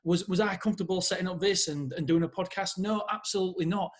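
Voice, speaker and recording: A man with a high, bright-pitched voice who talks quickly and eagerly as a podcast host. His delivery is motivational and conversational. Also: steady tone. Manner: enthusiastic, motivational. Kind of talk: casual interview chat.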